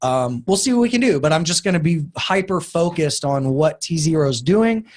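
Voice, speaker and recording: Guy doing a crypto investing webinar, kinda high voice, excited, lots of likes and ums. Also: normal speed. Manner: chatty, filler-heavy, enthusiastic. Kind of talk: casual webinar talk to members.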